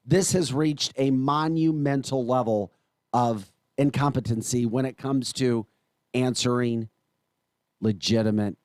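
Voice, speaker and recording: A man's voice: medium pitch, unhurried, no echo. A man with an American accent hosting a morning talk radio show, ranting in an emphatic, exasperated way. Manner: exasperated, emphatic, animated rants.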